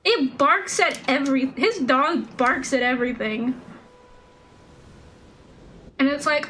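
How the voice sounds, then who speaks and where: A woman's voice: high-pitched, lively intonation, moderate pace, long pauses, a bit bright, slight background noise, poor audio. A young woman streaming a game, chatting casually and rambling with lots of fillers and restarts. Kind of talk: casual gameplay stream chat.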